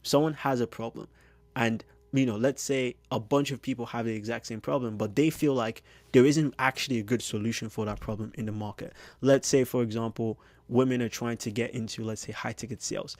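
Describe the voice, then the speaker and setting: A man's voice: mid-range voice, fairly even intonation, a little mellow, dry recording. A man coaching on business, talking straight to camera in a casual, filler-heavy way. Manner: fast, casual, heavy use of filler phrases. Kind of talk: direct-to-camera business teaching.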